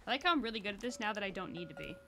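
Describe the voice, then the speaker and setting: A woman's voice: medium pitch, expressive, very fast, bright, forceful tone, soft background music. A woman streaming a cooking game, talking to herself in casual, exasperated commentary and swearing when things go wrong.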